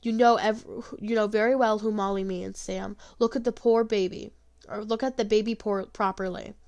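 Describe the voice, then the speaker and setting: A woman's voice: medium pitch, steady tone, moderate pace, a little mellow, highs cut off, lightly acted. Brief: woman reader playing a grieving, determined farm mother, storybook. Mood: pleading.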